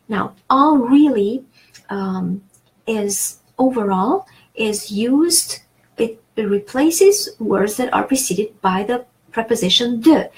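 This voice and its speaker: A woman's voice: medium pitch, rough recording. A woman teaching a French lesson in English, explaining patiently with many fillers and restarts. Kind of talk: online language lesson.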